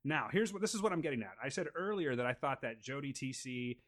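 In this casual podcast, the male host breaks down scenes from a show while joking around and wandering off on tangents. His mid-range voice is a bit bright, expressive, and quick, and his manner stays relaxed throughout the chat.

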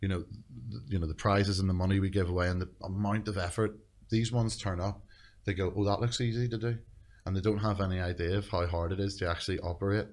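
A man's voice: deep voice, level tone, quick pace, a little mellow. A man chatting as a podcast guest, rambling, swearing freely and laughing often. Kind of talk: casual chat.

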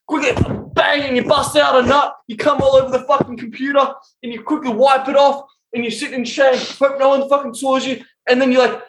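A young adult man speaking as a coach in a casual podcast interview, swearing constantly as he tells animated stories. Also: very high voice, a little hiss or hum. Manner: profane, animated storytelling. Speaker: sex and intimacy coach, guest. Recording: roomy echo.

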